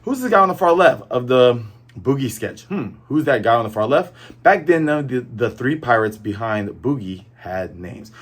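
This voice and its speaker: In a medium-pitched, sing-song voice, a young man runs through a manga chapter in a laid-back review, jumping into fast, playful character voices for their lines.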